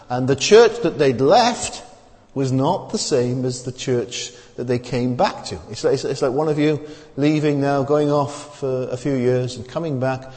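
A man preaches to a congregation in a relaxed, conversational way. He halts and restarts often and fills the gaps with "uh" and "um." His voice carries a long reverb from the church hall around him. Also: mid-range voice. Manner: conversational, halting with many fillers and restarts. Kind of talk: sermon.

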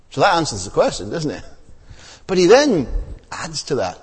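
A man's voice: fairly high pitch, very animated, fast talker, breathy edge, long reverb tail. A man preaching a sermon in a conversational way, full of tag questions and fillers.

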